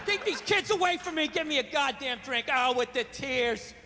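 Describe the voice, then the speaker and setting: A man's voice: very high-pitched, animated, moderate pace, long reverb tail, background noise. A man doing a stand-up routine on a comedy stage, with a profane, ranting delivery into a handheld mic.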